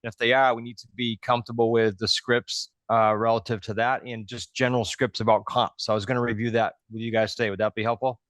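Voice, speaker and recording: A man hosting a coaching call over a video link, talking in an easy conversational way. He lays out his points one by one in a mid-pitched voice. The sound is dry and close. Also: little pitch movement, fast, hardly any pauses, fairly bright tone, no room sound. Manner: conversational, explains step by step. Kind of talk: coaching on a live group call.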